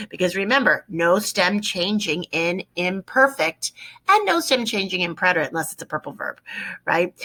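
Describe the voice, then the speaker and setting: A woman's voice: mid-range voice, bright, forceful tone, low-quality recording. A woman teaching a Spanish grammar lesson, explaining each step and repeating key points, sometimes spelling words out letter by letter.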